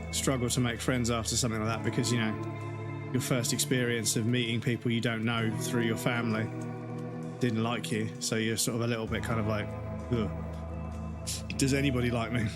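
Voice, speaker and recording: A forty-year-old man chats to his live-stream audience at a desk mic, casual and profane, his voice sitting at an ordinary middle pitch. Game music plays clearly behind him. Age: 40s. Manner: casual and profane, talking straight to chat. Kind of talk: live-stream gaming chat.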